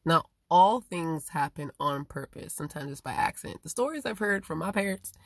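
A woman in a rambling, profane casual monologue, swinging between loud emphatic outbursts and low muttering. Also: animated, moderate pace, no echo.

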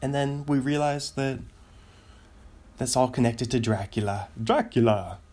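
A man's voice: mid-range voice, a little slow, dark tone. A man hosting his own show, chatting casually on his own, rambling and laughing at his own jokes. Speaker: podcast host. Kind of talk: casual solo chat.

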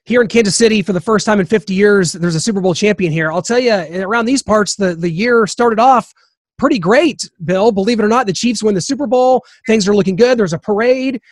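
Male interviewer, high voice, filler-heavy questions. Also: brisk, no room sound, clean studio sound. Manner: hesitant, filler-heavy phrasing. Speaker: podcast host.

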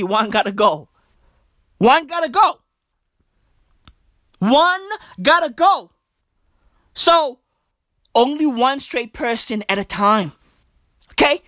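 Woman slow, swooping profane comedic rant. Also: high voice, a bit bright, dry recording, studio quality. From Africa. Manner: profane, emphatic, slangy, repeats "bruv" and "broski".

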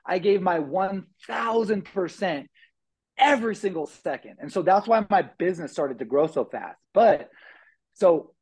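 A man telling his life story as a guest on an interview podcast, animated, acting out quotes with lots of fillers. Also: high voice, a little slow, husky, poor audio.

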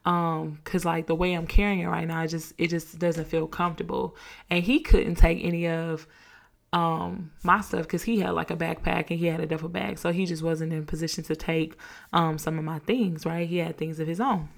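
A woman hosting a podcast, casually retelling a dream with lots of "like" fillers and animated quoted dialogue. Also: sits low, moderate pace, creaky. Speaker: podcast host. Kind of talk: casual storytelling.

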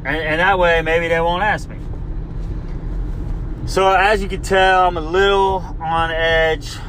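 Guy rambling his podcast rant from the car, kinda high voice, lots of "like", annoyed but joking. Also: fairly even intonation, a little slow, fairly bright tone, a little hiss or hum. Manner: rambling, exasperated, repeats "like". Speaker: podcast host. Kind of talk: casual comedic rant.

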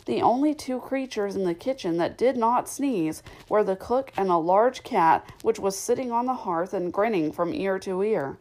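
A woman narrating a classic children's story in a measured, clear storytelling manner, with the odd slip. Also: medium pitch, lively intonation, a little mellow, poor audio. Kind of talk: audiobook reading of a classic novel.

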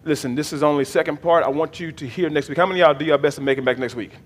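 A man's voice: fairly high pitch, very fast, husky, in a large hall. A man, the bishop of his church, preaching a sermon with call-and-response and folksy jokes to the congregation. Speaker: pastor, bishop. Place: church sanctuary.

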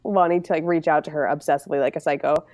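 A woman's voice: sits low, fairly even intonation, very fast, darkish tone, no echo. A young woman on a casual podcast speaks earnestly and self-deprecatingly, packing her sentences with "like". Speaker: podcast co-host. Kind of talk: casual candid conversation.

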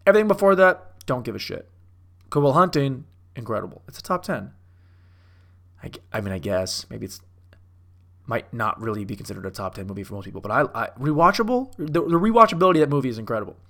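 A man's voice: medium pitch, animated, quick pace, creaky, a bit bright. A young man riffing casually on movies, profane and self-mocking, like a comic doing a bit. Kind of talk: casual rambling commentary.

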